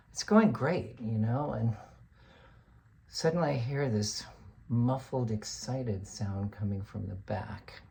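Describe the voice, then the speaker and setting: A man's voice: fairly low pitch, creaky, warm tone, a little hiss or hum. Exasperated man telling a story. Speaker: college lecturer. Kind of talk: dramatic comic monologue.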